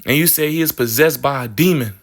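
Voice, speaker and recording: A man speaking at a medium pitch and fairly quick pace delivers a rambling spiritual monologue. This spiritual speaker plays with language, restarts phrases, and keeps checking in with "you feel me."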